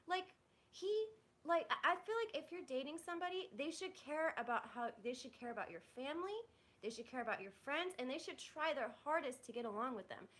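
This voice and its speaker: A woman's voice: sits high, lively intonation, a little fast, fairly bright tone. A young woman on a livestream, venting bluntly to her chat, swearing and restarting her sentences. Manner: frustrated, blunt and profane, with many "like"s and restarts. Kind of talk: venting live to stream chat.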